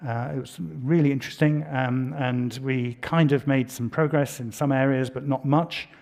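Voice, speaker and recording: A man's voice: mid-range voice, fairly even intonation, normal speed, gravelly, a little mellow. A middle-aged man from Britain giving a public lecture, telling a story with dry asides and frequent restarts. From United Kingdom.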